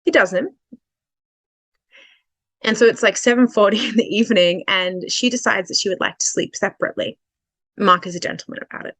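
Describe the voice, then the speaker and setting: Woman, relationship coach, casual explanatory chat, mid-pitched voice, dry close sound, halting restarts. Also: fairly bright tone, no echo. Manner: conversational, many fillers and restarts, slows down on key points.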